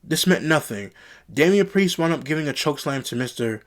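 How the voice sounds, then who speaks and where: A man's voice: a little high, animated, a little fast. Annoyed young guy rambling through a wrestling recap, keeps repeating himself. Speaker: wrestling show reviewer. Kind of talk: solo review rant.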